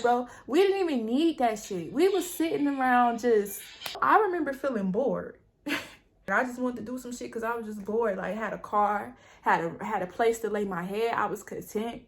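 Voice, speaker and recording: A young woman hosting a vlog, telling a story in blunt, profane, casual chat. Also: mid-range voice. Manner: blunt, profane, streetwise talk. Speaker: vlog host.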